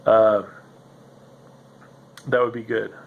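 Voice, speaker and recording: A man's voice: on the low side, level tone, slow pace, gravelly, phone-quality sound. A man hosting a solo podcast, musing in a meandering, self-interrupting way with a slightly nasal voice. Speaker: podcast host. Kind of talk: rambling solo monologue.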